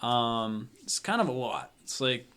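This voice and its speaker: A man's voice: medium pitch, lively intonation, a little slow, pushed and bright, clear, resonant tone. A man running a tabletop game as game master, casual and laughing as he narrates.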